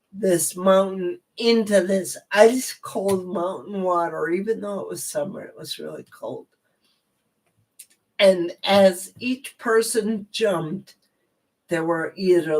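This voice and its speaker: A woman host telling a personal story in a chatty, rambling way, with many asides and animated moments. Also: on the low side.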